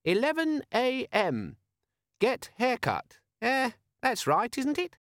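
A cheerful pocket gadget from a comic fantasy audiobook, squeaking far above a normal voice. It beeps and chirps in a bright singsong, dry and close with no room around it. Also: male voice, wildly swooping pitch, takes it slowly, no echo, full character voice. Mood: chirpy. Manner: beeping, singsong.

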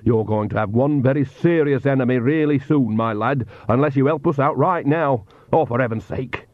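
A man's voice: mid-range voice, moderate pace, no echo, lo-fi sound, lightly acted. A man voicing a cheerful, bossy old witch woman who calls people dear. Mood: brisk.

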